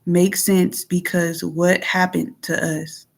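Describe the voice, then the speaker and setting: Lowish-voiced woman ranting into her phone, swears a lot, gets loud then goes quiet and mumbly. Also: flat delivery, slow pace, vocal fry. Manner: blunt and heavily profane; swings between heated outbursts and low murmurs. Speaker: vlogger. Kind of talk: casual venting monologue.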